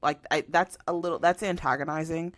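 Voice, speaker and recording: Young woman podcast cohost spilling reality show tea, animated, does the voices when she quotes folks. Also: sits low, brisk. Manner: animated storyteller, acts out quotes. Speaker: podcast co-host. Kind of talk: casual chat recapping reality TV.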